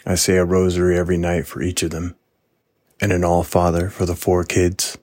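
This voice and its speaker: An actor playing a gruff, foul-mouthed veteran police detective who talks bluntly and wearily. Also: male voice, low voice, completely flat delivery, normal speed, darkish tone, no echo, close to an everyday voice. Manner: blunt, profane, world-weary. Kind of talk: true-crime audio drama interview.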